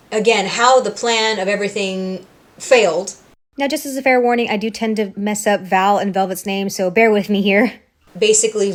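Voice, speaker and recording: A woman hosting a reaction video, casually recapping a cartoon episode with lively retellings, acting out characters' lines and correcting herself as she goes. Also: mid-range voice. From Puerto Rico. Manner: animated, acting out quotes in voices, self-correcting.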